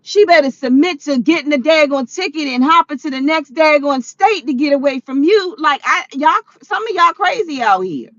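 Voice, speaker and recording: A woman vlogger delivering ranting commentary, animated and exclaiming, often laughing. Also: high-pitched, normal speed, hardly any pauses, no room sound, muffled recording.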